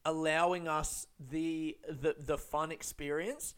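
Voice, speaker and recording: A man's voice: fairly high pitch, little pitch movement, takes it slowly, a bit bright, clean tone. A young man telling a rambling, swear-filled story, full of fillers and laughs. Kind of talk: casual storytelling.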